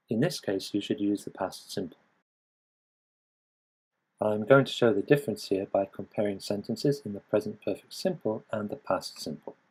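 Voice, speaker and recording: A man narrates an English grammar lesson from a script. His voice sits a little low and has a husky edge. He explains each point at a measured, even pace. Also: rough recording. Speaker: English teacher.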